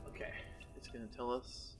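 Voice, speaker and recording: A man's voice: normal speed, over music. A man hosting a video game playthrough with casual commentary, direct and teasing. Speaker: host.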